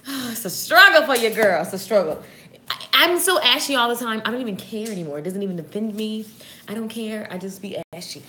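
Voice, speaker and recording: A woman hosting a casual inspirational live stream, energetic and chatty, greeting viewers by name. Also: on the high side.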